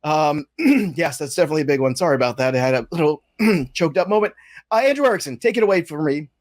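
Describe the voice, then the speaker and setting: A man's voice: a little high, animated, fast talker. A man hosting a podcast in a casual, joking way, prone to laughing fits. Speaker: podcast host.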